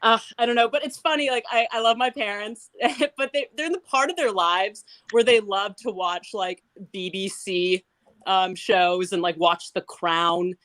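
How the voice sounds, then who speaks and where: A woman's voice: mid-range voice, moderate pace, fairly bright tone. A young woman performing a stand-up comedy set, chatty and rambling, often laughing at her own jokes.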